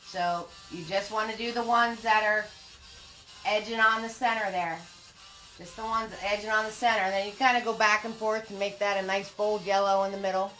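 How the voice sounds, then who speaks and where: The voice is a woman's, mid-range and slightly bright, teaching painting live. She greets viewers by name, sprinkling in pet names like sweetie and hon, and chats as she goes, in an echoey room with faint music playing.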